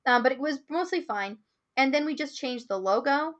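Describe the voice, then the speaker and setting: A woman with a slightly high voice tells a story from her marketing work. She moves easily between her own account and lively acted-out quotes. The talk is casual interview chat. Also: normal speed, dull audio. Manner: animated storyteller, acts out quotes. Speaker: guest, marketing business owner.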